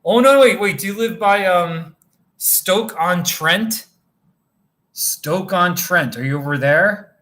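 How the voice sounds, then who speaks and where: A man's voice: sits high, lively intonation, unhurried, a bit bright. A tired man hosting a casual livestream from a motel room, rambling as he chats with viewers by name. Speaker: livestream host reading viewer chat.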